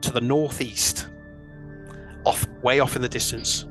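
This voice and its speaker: A man running a tabletop game as dungeon master, narrating scenes in an unhurried, descriptive way. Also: mid-range voice, steady tone, over music.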